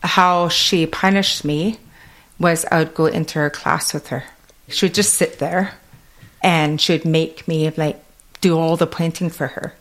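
A woman from Alert Bay whose English carries a Kwakwala-influenced accent. She talks in a slightly low voice, in a loose, chatty storytelling manner, full of fillers and quick laughs. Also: steady tone. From Alert Bay, Canada. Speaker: interviewee. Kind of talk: casual storytelling.

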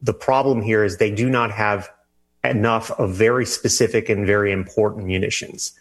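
Male reporter guest, low voice, halting with fillers and restarts. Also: fairly even intonation. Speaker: national security reporter, interview guest. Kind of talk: news interview answers.

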